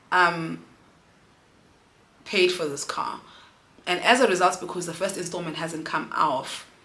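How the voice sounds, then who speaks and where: A woman in her thirties speaks to camera in a low but bright, forward voice, earnest and emotional, dropping in local words as she goes. The room around her rings with a noticeable echo. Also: slight background noise. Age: 30s. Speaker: vlogger and mother. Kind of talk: candid personal vlog. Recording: roomy echo.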